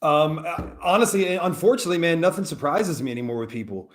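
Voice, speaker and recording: A young man co-hosting a casual podcast, his voice a little high. He talks emphatically and throws in "bro" and "dude" all the time. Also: lively intonation, quick pace. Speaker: podcast co-host.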